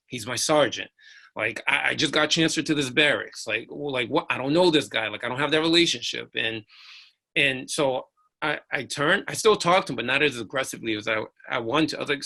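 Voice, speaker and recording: Earnest man with a gravelly edge. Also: medium pitch, brisk. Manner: earnest, animated, acts out the voices of others. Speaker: preacher and uniformed officer. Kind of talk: personal storytelling in a panel discussion.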